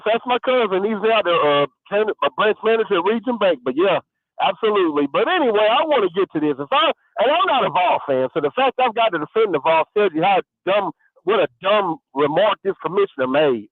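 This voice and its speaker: High-voiced man ranting on the phone. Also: dry recording. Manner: heated, animated and ranting. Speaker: caller. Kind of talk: call-in rant on sports radio. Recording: tinny dry phone line.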